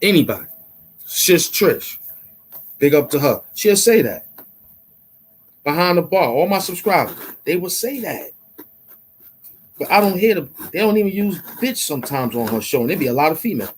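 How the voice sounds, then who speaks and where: A man hosting an online commentary show, ranting in a loud, mocking, animated way and repeating himself for emphasis. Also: a little high, normal speed, pauses often, a little hiss or hum. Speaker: YouTube commentary host.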